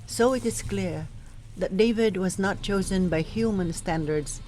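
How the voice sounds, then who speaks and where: A woman coaching church readers, giving slow, careful instructions and sounding out pronunciations. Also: medium pitch, warm tone, a little hiss or hum, poor audio. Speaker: reading coach. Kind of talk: instructional talk on proclaiming scripture.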